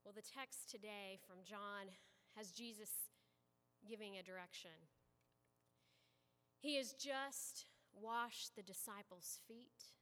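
Woman preaching slow and bright, loud then hushed, echoey church. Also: medium pitch. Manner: animated storytelling, swings from loud to hushed. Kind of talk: sermon. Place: church sanctuary.

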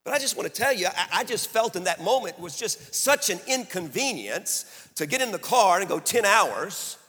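A middle-aged man preaching a sermon as a story, swinging from hushed passages to emphatic peaks. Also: sits high, very animated, moderate pace, husky. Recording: echoey hall.

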